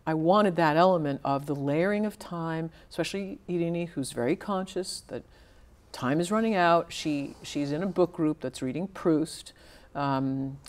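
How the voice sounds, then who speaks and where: Low-voiced thoughtful woman novelist. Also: normal speed. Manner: thoughtful, searching for words with small restarts. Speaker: novelist guest. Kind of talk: conversational interview.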